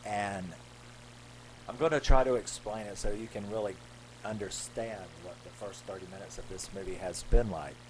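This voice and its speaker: A man's voice: on the low side, moderate pace, background noise. A man casually retelling a horror film's plot in a rambling way, acting out the characters' lines. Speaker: horror film reviewer. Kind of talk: casual movie recap.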